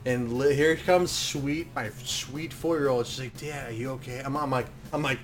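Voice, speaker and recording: A man in casual chat, telling a rambling story with lots of swearing and acting out what he said back then, sometimes getting loud. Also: medium pitch, normal speed, few pauses, soft background music. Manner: animated, swearing, acts out his own past talk loudly.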